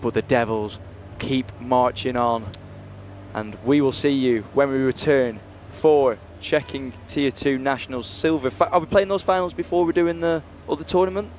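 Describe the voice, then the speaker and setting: A man's voice: medium pitch, steady tone, normal speed, a little hiss or hum. A young man commentating live on a university ice hockey stream, chatty and jokey as he rambles between games.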